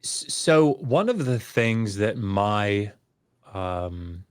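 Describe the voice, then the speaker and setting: A middle-aged man in relaxed conversation, telling a long personal story with many fillers and restarts, livening up when he quotes others. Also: fairly low pitch, extremely slow, smooth, no room sound. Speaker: podcast guest, scholar.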